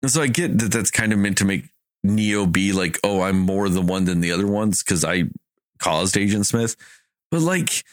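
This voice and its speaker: A man's voice: low-pitched, lively intonation, moderate pace, dry recording, clean studio sound. A man in casual chat, ranting in an exasperated way, swearing and acting out lines of dialogue. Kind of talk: casual movie review chat.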